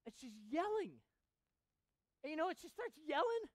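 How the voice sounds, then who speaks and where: High-voiced casual male preacher. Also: sing-song, moderate pace, dry recording, low-quality recording. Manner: casual storytelling with many fillers; rises to loud emphatic reading of scripture. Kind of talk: sermon with personal story. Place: church chapel.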